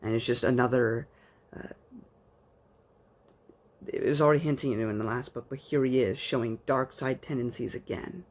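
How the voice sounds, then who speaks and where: A man's voice: mid-range voice, fairly even intonation, moderate pace, long pauses, slight background noise. A man giving a casual spoken book review, rambling like an enthusiastic fan with plenty of fillers.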